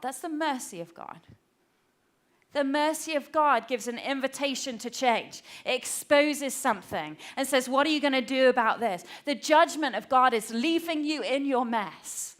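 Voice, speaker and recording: A woman preaching a church sermon, conversational and earnest, often acting out quoted voices and sometimes dropping to a hushed tone. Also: high-pitched, lively intonation, moderate pace.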